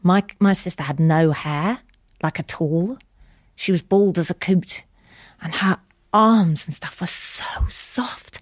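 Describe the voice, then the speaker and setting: A woman guest telling an emotional personal story in a candid, chatty way, acting out quoted lines with soft whispers. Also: lowish voice, moderate pace, dry recording.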